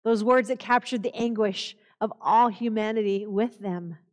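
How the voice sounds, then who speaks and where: A woman pastor preaching a sermon in a church, slow and solemn, quoting scripture. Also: medium pitch, big-room sound. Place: church sanctuary.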